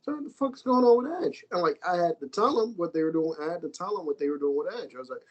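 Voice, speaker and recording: An American man talking wrestling on a casual podcast, animated and swearing, repeating himself as he rants. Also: a little high, fast, hardly any pauses, highs cut off. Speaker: podcast co-host.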